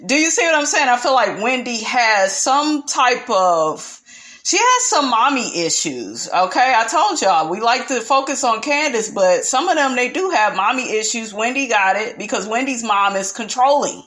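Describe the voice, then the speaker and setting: A woman's voice: a little high, very animated, normal speed, fairly bright tone. A woman giving a sassy, chatty reality TV recap in a casual style, calling her viewers honey and child.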